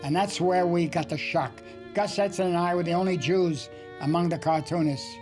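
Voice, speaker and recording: An older American man, a cartoonist, looks back on his career in documentary interview narration, full of wry anecdotes and dry jokes. His voice is high and darkish in tone, moving at a normal speed over soft background music.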